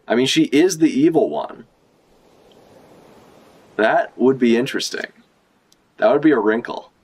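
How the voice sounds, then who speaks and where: A man streaming a casual manga read-along, reacting with profane, excitable asides and rambling commentary. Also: medium pitch, measured pace, slightly rough.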